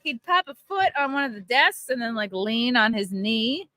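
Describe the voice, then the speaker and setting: A woman's voice: on the high side, expressive, normal speed, bright, forceful tone, no echo. A woman casually chatting and telling crude stories with lots of laughter. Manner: crude storytelling, laughs often. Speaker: livestream co-host. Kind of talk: casual chat. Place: outdoors by a pool.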